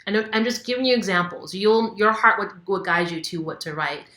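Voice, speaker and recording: A woman's voice: mid-range voice, a little fast, fairly bright tone, roomy sound. A woman wellness coach talking casually to camera, candid and conversational with many fillers. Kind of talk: casual instructional talk to camera.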